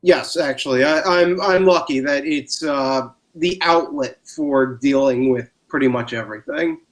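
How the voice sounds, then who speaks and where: A man's voice: mid-range voice, measured pace. A man, a comic artist as an interview guest, giving short, laid-back answers over a video call. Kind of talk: casual interview chat.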